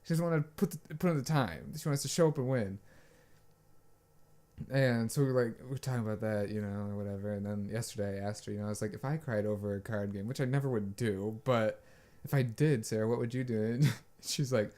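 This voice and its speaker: A man's voice: medium pitch, brisk. A young man co-hosting a podcast, telling a rambling story with lots of fillers and swearing. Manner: rambling storytelling, many fillers, frequent swearing, animated quoting. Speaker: podcast co-host. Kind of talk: casual chat.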